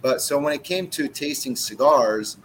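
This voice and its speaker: A man's voice: fairly high pitch, animated, moderate pace, slight background noise, low-quality recording. A man in his forties who owns a cigar brand, telling blunt, profane stories in a casual interview chat. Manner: blunt, profane, brash storytelling.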